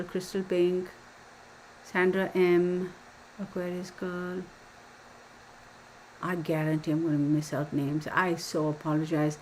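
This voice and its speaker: A woman hosting a tarot live stream from home, chatty and warm with viewers, laughing often. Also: on the low side, slight background noise, poor audio. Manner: chatty, affectionate, laughs often, baby talk to her dog. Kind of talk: casual live stream sign-off. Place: home room.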